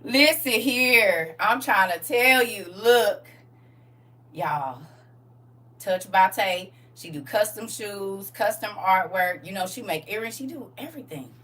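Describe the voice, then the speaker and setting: A middle-aged woman chatting on a livestream from home, animated and talking straight to her viewers. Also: medium pitch, measured pace, distant mic. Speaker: livestream host showing off a custom jacket. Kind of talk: casual livestream chat. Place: at home indoors.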